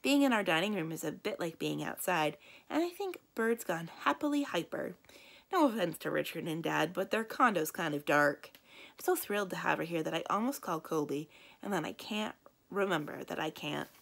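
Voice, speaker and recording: A woman librarian reading a children's novel aloud in a lively, expressive storytelling voice. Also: normal speed, creaky. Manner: lively, expressive storytelling with big swings in pitch and loudness.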